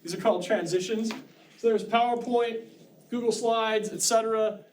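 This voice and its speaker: Chatty high-voiced male instructor. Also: fairly even intonation, normal speed, a little hiss or hum. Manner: chatty, joking asides. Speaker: college instructor. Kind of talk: classroom lecture. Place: classroom.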